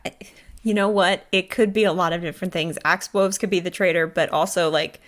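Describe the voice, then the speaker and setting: A woman's voice: lowish voice, fairly even intonation, brisk. A woman co-hosting a podcast in casual chat, giggling often between remarks. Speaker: podcast co-host.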